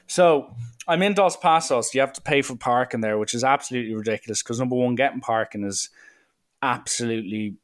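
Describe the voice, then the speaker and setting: A man's voice: mid-range voice, fairly quick. Man telling a rambling story. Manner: lively, animated, breaks into voices. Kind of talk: casual anecdote.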